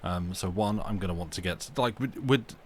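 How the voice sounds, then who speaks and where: A fairly low-pitched man chatting casually with his live-stream viewers from home. He rambles and interrupts himself as he goes. A faint hum sits underneath the recording. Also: moderate pace, darkish tone. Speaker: livestream host reading stories aloud.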